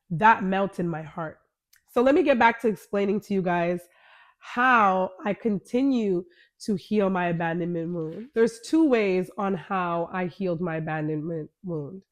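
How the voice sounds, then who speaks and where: A woman's voice: mid-range voice, darkish tone. A woman hosting her podcast, candidly telling a personal story in a conversational way and retelling the dialogue. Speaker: podcast host.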